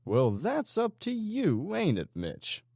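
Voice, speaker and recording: A man voicing a cold, menacing male gang leader who talks calmly and slowly. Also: high-pitched, vocal fry, slightly rough, no echo, studio quality, pitched above the performer's own voice, exaggerated voice. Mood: calm menace. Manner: calm, slow and coaxing.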